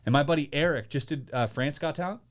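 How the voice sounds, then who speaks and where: A man co-hosting a podcast, telling an animated story in casual chat, acting out quotes and swearing. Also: fairly high pitch, fast talker. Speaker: podcast co-host.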